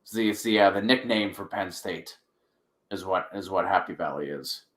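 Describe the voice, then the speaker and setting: Male host, lowish voice, reads out questions briskly, echoey room. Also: a bit bright. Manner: reads off viewer questions in a quick list. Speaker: fantasy football host reading viewer questions. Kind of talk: casual live-stream chat.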